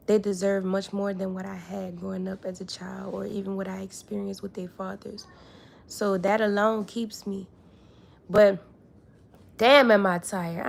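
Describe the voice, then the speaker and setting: Slow, gravelly-voiced mother venting. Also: medium pitch, a little mellow. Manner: candid, drawling, swears casually. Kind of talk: casual vlog monologue.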